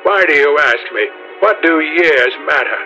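A man voicing a grim, thick-set sailor bent on revenge, speaking slowly with a growling, threatening manner. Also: fairly high pitch, animated, sharp tone, lo-fi sound, faint music behind, full character voice.

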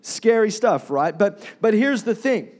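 Male pastor, slightly high voice, conversational sermon to a congregation, quizzes the room. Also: very animated, a little slow, a little mellow. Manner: conversational, asks the congregation questions and calls for amens. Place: church.

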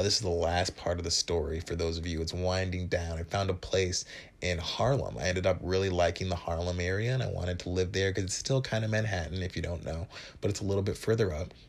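A man in his twenties from Wisconsin telling a story on his podcast in a casual, joking, profane way, often putting on higher voices for other people's lines. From Wisconsin, USA. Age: 20s. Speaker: podcast host.

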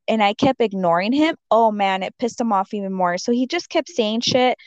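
A woman's voice: a little high, animated, quick pace, hardly any pauses, no room sound. A woman telling a story in casual chat, rambling with many fillers and acting out the quotes. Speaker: storyteller in a conversation. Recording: dull dry lo-fi audio.

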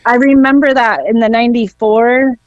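Chatty woman, high voice, dull dry sound. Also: steady tone, normal speed, no room sound. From southeast Alaska. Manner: chatty, lots of "like" fillers, blunt. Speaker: podcast co-host. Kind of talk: casual chat.

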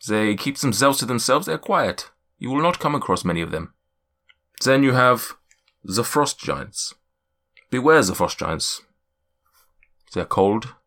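A man voicing a kindly, worried male cloud giant in a put-on German accent, speaking slowly in drawn-out, solemn pronouncements. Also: mid-range voice, pushed and bright, full character voice. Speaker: game master.

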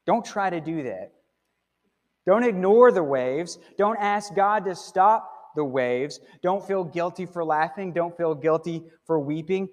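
A man's voice: a little high, unhurried, a little mellow. A man preaching a sermon as pastor in a church, talking conversationally and often checking in with "okay?" and "right?". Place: church sanctuary. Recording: long hall reverb.

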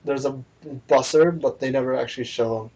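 A man's voice: medium pitch, fairly quick, darkish tone. A man co-hosting a podcast in casual chat, joking and self-deprecating. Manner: joking, self-deprecating, tries silly voices. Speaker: podcast co-host. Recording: dull lo-fi sound with faint noise.

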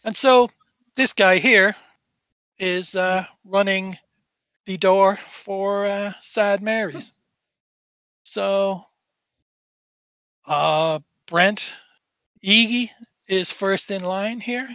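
Brief: male game master, rambling narration, bright tone, dry sound. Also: high voice, very slow, long pauses, clear, resonant tone, dry recording. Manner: rambling, with many fillers and restarts.

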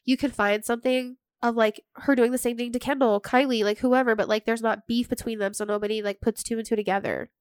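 A young woman co-hosting a podcast in casual chat, talking fast with lots of "like" and swearing. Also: on the high side, fairly even intonation, clear, resonant tone, dry recording. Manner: chatty, heavy "like" filler, swearing. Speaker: podcast co-host.

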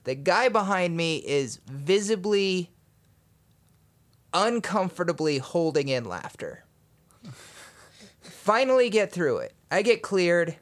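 A young man hosting a podcast, telling an animated travel anecdote in casual chat with laughter and swearing. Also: sits high, slow, long pauses. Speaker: podcast host.

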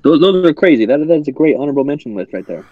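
A man co-hosting a casual podcast, teasing and bantering quickly. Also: fairly high pitch, sing-song, dry recording, phone-quality sound. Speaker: podcast co-host. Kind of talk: casual chat.

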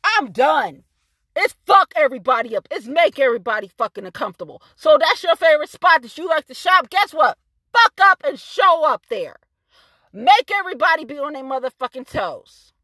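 Fiery high-voiced woman ranting. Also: big pitch swings, normal speed, pushed and bright, no echo. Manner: fiery, cursing, repetitive and emphatic. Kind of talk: angry profane rant to camera.

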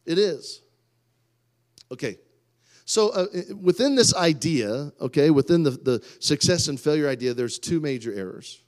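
A man preaches a sermon. His voice sits a little high for a man and moves a lot in pitch. He swings between loud, emphatic outbursts and quiet, soft-spoken asides. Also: lively intonation, moderate pace. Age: 30s. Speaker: pastor.

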